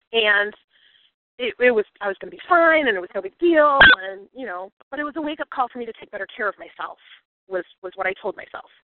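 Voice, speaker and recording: A woman's voice: mid-range voice, no echo. A woman telling a personal story and turning it into a motivational lesson, earnest and reflective, at times getting emotional. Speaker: speaker on a coaching call. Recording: tinny phone-like line, dry.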